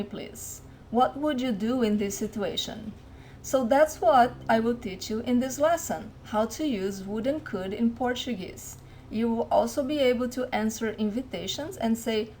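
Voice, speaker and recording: A woman teaching an online language lesson, slowing down to model each word. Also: on the high side, a little mellow, a little hiss or hum. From Brazil. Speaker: Portuguese teacher. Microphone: webcam mic.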